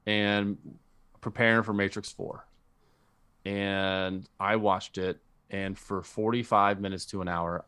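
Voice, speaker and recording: A podcast co-host rambles casually about movies, leaning on fillers and frequent restarts. His smooth voice sits on the low side with a fairly bright tone, and there's no room sound.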